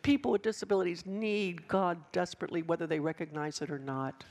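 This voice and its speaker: A woman giving a passionate sermon to students, emphatic and with dramatic pauses. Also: on the low side, a little mellow. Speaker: speaker addressing students.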